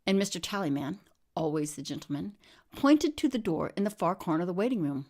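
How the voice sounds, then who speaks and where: A woman telling a comic monologue in a deadpan, wry way, often dropping into whispered asides. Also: lowish voice, a little fast. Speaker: storyteller.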